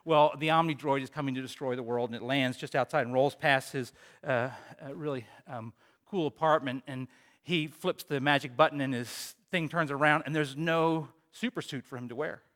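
A male pastor preaching a sermon, telling a personal story in an animated way with big swings in volume. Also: medium pitch, moderate pace.

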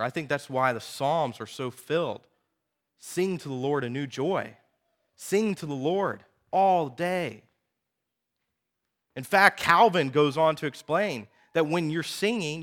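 A man in his thirties preaching a sermon, telling personal stories in a lively, conversational way with frequent asides to the audience. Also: fairly high pitch, unhurried. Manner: animated storytelling, conversational asides.

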